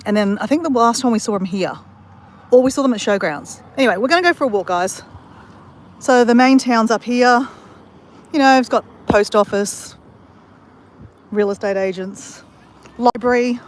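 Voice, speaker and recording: A woman's voice: a little high, normal speed, pauses often, slight background noise. Chatty woman vlogging outdoors. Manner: chatty, gushing, addresses viewers as guys. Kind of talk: casual walking vlog. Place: outdoors on a town street.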